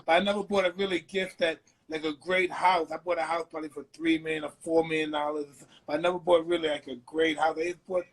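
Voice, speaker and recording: A man chatting as a guest on a live phone video call, speaking haltingly, repeating himself and searching for words. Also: a little high, little pitch movement, poor audio. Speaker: guest, retired boxer. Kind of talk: casual chat.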